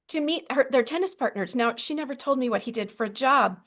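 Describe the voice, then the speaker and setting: A woman's voice: sits high, animated, a little fast, gravelly, few pauses, fairly bright tone. A woman hosting a wellness video call, chatty and emotional, with many fillers. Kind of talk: casual presentation on a video call.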